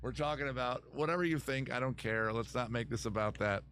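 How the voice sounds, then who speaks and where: A man's voice: medium pitch, a little fast, fairly bright tone. A middle-aged man hosting a casual live stream, answering viewer comments in a rambling way, often restarting sentences and swearing casually.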